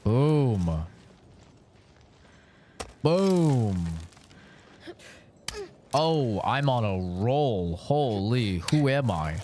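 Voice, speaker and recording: A man's voice: mid-range voice, drawn-out words, long pauses, slight background noise. A tired young man streaming a game, talking to himself, swearing and bursting out as he plays. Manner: swearing, self-talking, excitable outbursts. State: tired from a long session. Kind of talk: live gaming commentary.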